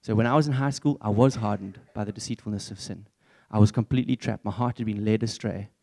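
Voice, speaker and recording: Young male preacher, relaxed warm timbre, earnest and chatty. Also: on the low side, quick pace, vocal fry. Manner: earnest, conversational, candid. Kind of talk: church sermon.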